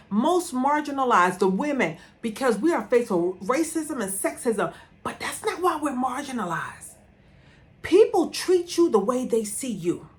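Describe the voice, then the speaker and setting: Woman in her middle years vlogging from home, kinda high voice, super emphatic, says stuff again and again for punch. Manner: emphatic, repeats words for punch. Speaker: motivational vlogger. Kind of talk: personal storytelling to camera. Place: room at home.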